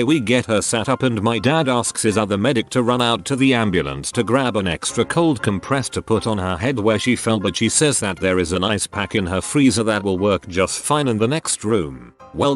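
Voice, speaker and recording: A man with a low voice reads short online anecdotes aloud. His delivery is even and measured, yet his pitch moves a lot. Soft music plays faintly behind him. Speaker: narrator. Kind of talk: reading online stories aloud.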